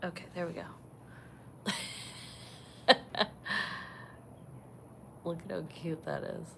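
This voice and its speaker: Low-voiced soft-spoken woman. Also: level tone, takes it slowly, gravelly, slight background noise. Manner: soft-spoken, chatty, gushing over animals. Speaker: vlog host. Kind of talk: casual livestream chat. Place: resort balcony overlooking savanna, outdoors.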